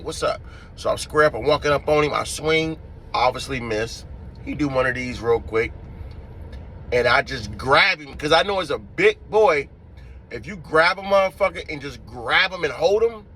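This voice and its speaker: A man telling a street-fight story in a casual, profane, animated way, acting out the scenes as he goes. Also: fairly high pitch, a little hiss or hum.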